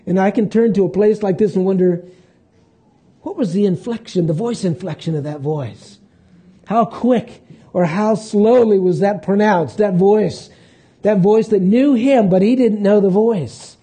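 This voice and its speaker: A man preaching a sermon in a conversational way, pausing and restarting as he walks through scripture. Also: high-pitched, dark tone, husky. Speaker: pastor.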